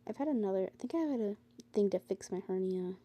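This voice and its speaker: A teenage girl vlogger with a medium-pitched, warm, expressive voice talks quickly and casually to her phone camera. She sounds tired and rambles with many fillers, now and then ranting in exasperation.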